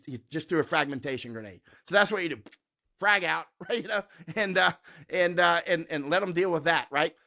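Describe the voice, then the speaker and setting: His pitch fairly high and his tone pushed and bright, a middle-aged American man who works as a war correspondent argues combatively and emphatically in a conversational interview. He often punctuates his points with "right?"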